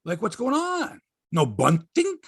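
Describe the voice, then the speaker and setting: Raspy, animated man rambling about sports. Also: high-pitched, measured pace. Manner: rambling, profane, wry sports banter. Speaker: sports podcast host. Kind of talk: casual chat.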